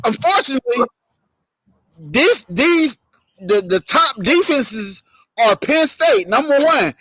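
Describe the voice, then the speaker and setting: High-voiced man ranting about football. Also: big pitch swings, takes it slowly, pushed and bright, slightly rough, no echo, low-quality recording. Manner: emphatic, profane, repeats himself. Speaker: sports show host. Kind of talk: casual sports debate.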